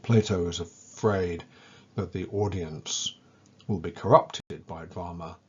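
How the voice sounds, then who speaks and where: A very deep, faintly husky male voice works through a scripted educational lecture at an unhurried pace, keeping a steady tone. He speaks deliberately and with weight, emphasizing the important words. The recording comes across as slightly dull and lo-fi.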